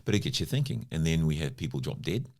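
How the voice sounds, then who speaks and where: His voice is extremely low and creaky, a little mellow, with a sing-song lilt and quick pace. He's a fifty-something New Zealander guesting on a podcast, chatting through anecdotes full of "you know" fillers.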